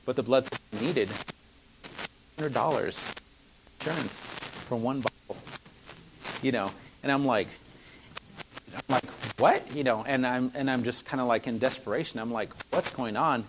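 A man's voice: medium pitch, normal speed, pauses often, background noise. A man telling a personal faith testimony in an earnest, rambling way, full of fillers and restarts.

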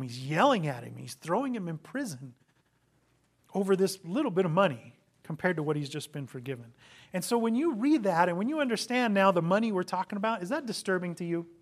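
A man's voice: sits high, fairly bright tone. A man preaching a sermon, telling a parable with rhetorical questions and acted-out quotes. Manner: dramatic storytelling, acting out quotes, rhetorical questions. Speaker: pastor.

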